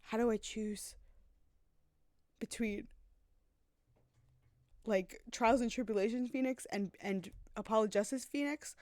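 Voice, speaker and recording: A woman's voice: on the high side, unhurried, long pauses, darkish tone, no room sound, clean studio sound. A woman game streamer chatting casually and gushing as she plays, often restarting her sentences. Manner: chatty, gushing, self-interrupting. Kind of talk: casual let's-play commentary.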